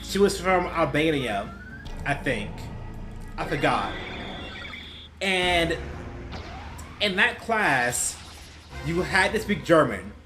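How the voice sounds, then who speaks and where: A man's voice: on the high side, expressive, slow pace, long pauses. Young guy rambling thru funny stories, laughs at himself a lot, bouncy up and down voice, bit of music in the back. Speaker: gaming YouTuber. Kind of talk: casual storytelling while playing.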